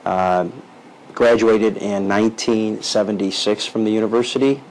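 A man's voice: lowish voice, fairly even intonation, moderate pace, a little mellow, a little hiss or hum, rough recording. A man who is a company CEO, introducing himself plainly with some fillers. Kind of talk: casual self-introduction.

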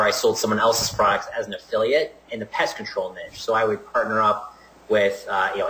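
A man's voice: on the low side, bright, forceful tone, reverberant, a little hiss or hum, poor audio. A man from New Jersey giving a loose, chatty self-introduction about his career. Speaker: alumnus introducing himself.

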